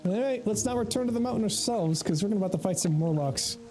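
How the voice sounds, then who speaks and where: Man, American accent, gaming streamer, casual chatter, frequent swearing, warm tone. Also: high-pitched, expressive, quick pace, soft background music, low-quality recording. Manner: chatty, swears freely, laughs often. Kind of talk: casual gaming livestream commentary.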